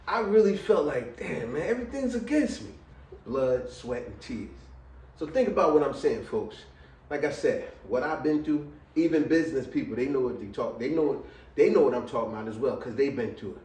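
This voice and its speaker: A middle-aged man telling a personal story to viewers, lively and full of slang, swinging between loud exclamations and quiet asides and laughing often. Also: mid-range voice. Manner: casual American slang, addresses viewers as y'all. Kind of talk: animated storytelling monologue. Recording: roomy, a little distant from the mic.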